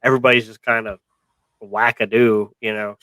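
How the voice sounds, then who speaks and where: A man's voice: on the low side, flat delivery, moderate pace, sharp tone, no room sound, low-quality recording. A man co-hosting a casual movie review podcast, rambling with wry asides. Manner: rambling, many fillers and restarts, wry. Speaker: podcast co-host.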